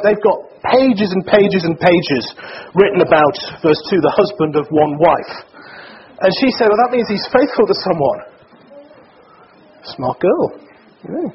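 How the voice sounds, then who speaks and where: Man, preacher, sermon, chatty and joking, quizzes the congregation, high voice, muffled lo-fi sound. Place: church gathering. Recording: muffled lo-fi recording with faint hiss.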